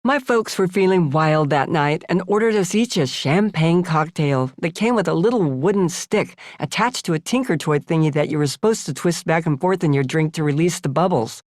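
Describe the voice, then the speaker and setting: A woman's voice: low-pitched, expressive, moderate pace, few pauses, no room sound, clean studio sound. Wry older woman reading her memoir. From United States. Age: 70s. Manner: wry, conversational storytelling. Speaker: author narrating her memoir. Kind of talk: audiobook memoir narration. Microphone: close studio mic.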